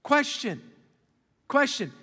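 A man preaching a sermon as pastor, animated and conversational, calling out to the congregation for responses. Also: very high-pitched, slow pace, big-room sound. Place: large church auditorium.

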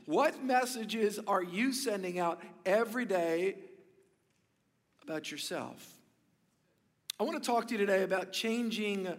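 A man preaching a sermon as pastor to several campuses, telling a story and acting out its shouted lines. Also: high voice, in a large hall.

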